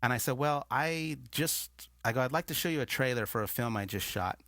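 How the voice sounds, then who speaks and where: A man's voice: medium pitch, very fast, no echo, studio quality. A man, a filmmaker guest, telling a long story in casual chat and acting out the dialogue he quotes. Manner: animated, acts out quoted dialogue.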